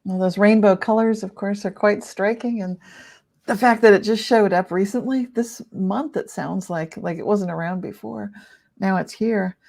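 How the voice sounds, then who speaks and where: A woman's voice: mid-range voice, normal speed, creaky, a little mellow. A woman on a livestream panel who gives reflective, upbeat intuitive readings.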